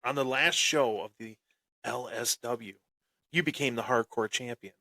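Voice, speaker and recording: A man's voice: mid-range voice, a little slow, pushed and bright, no echo. A man hosting a wrestling podcast, telling a boastful, taunting story in his wrestling persona. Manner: swaggering, taunting, dramatic. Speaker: podcast host.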